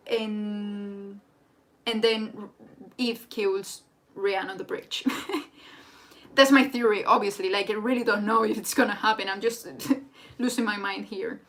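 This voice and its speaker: A young woman, a native Spanish speaker, hosting a casual live chat in an excitable, rambling way. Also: mid-range voice, measured pace. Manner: excitable and rambling, with frequent restarts. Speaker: livestream host. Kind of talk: casual live chat reading viewer comments.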